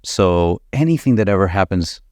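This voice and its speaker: Male podcast host, very low voice, thoughtful and halting. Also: lively intonation, a little mellow, no echo, studio quality. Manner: thoughtful, halting, searches for words. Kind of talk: reflective interview questions.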